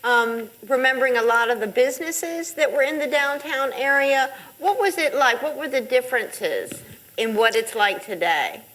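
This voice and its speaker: High-voiced lady moderator asking guests questions. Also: expressive, moderate pace, fairly bright tone, low-quality recording. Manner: prompting questions. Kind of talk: panel moderating.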